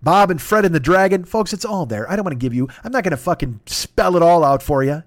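A man hosts a podcast and riffs through a sponsor plug in a crude, profane ramble, mocking himself as he goes. His voice sits a bit high for a man and swings from loud bursts to low mutters. The sound is dry, with no room around it. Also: animated, fast, dry recording. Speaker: podcast host.

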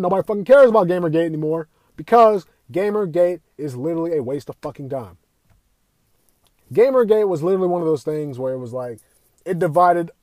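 A man's voice: fairly high pitch, darkish tone, dry recording. A young man ranting as a podcast host, swearing constantly, repeating himself and firing rhetorical questions. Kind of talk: profane opinion rant.

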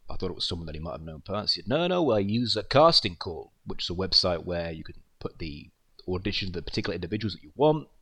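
Low-voiced man rambling through a tribute. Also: very fast, slightly rough. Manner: rambling storyteller, trails off softly. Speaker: creator of an online wrestling show. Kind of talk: casual spoken tribute.

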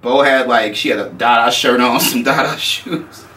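A man's voice: mid-range voice, a little fast, far from the mic, rough recording. A man telling a story casually, swearing freely and acting out the other people in it. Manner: animated, profane, acts out quotes.

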